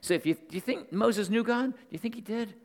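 A man's voice: extremely high pitch, brisk, darkish tone. A man preaching a Sunday morning sermon as pastor, talking conversationally, telling stories and checking in with his listeners. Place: church sanctuary. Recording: long reverb of a church hall.

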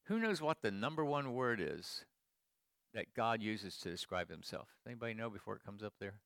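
A middle-aged man preaching a sermon to his congregation, moving between quiet storytelling and emphatic declarations. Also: lowish voice, expressive, normal speed, gravelly, no room sound, studio quality. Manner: storytelling, swings from hushed asides to emphatic proclamation. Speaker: pastor.

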